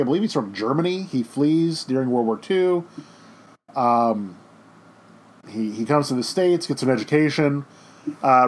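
A man teaching a history lesson over slides in a casual, joking way, with chatty off-the-cuff asides. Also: fairly high pitch.

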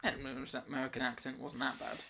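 A man's voice: mid-range voice, little pitch movement, rapid-fire, vocal fry, sharp tone, a little hiss or hum. A man co-hosting a podcast, bemused and hesitant, poking fun at himself in casual banter. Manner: bemused, hesitant, self-deprecating.

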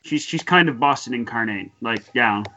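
A man's voice: medium pitch, expressive, normal speed, pushed and bright. A man co-hosting a podcast with dry, wry quips in casual chat. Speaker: podcast co-host.

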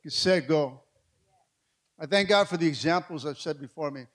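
A middle-aged male pastor, telling a story in a sermon, swinging between hushed and loud. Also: fairly high pitch, normal speed.

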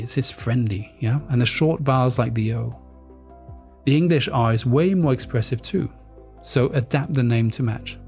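A man who grew up in France, giving a presentation talk in a lively way, often restarting words and playfully mimicking accents. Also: medium pitch. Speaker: speaker on brand naming.

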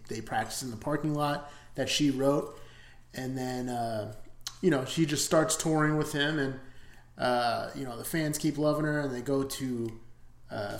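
Male movie reviewer, mid-pitched, loose and profane, roomy echo. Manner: rambling, profane, enthusiastic. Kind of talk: casual movie review rant.

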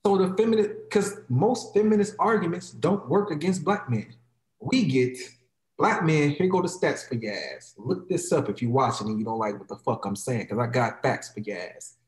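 A man's voice: a little high, expressive, moderate pace, echoey room. A man in heated, profane podcast talk, mocking others in quoted voices.

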